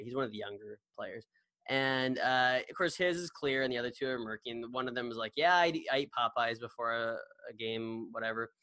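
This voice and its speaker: A man's voice: medium pitch, pushed and bright, no echo. A man co-hosting a podcast, chatting casually and rambling with many fillers and restarts. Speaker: podcast co-host.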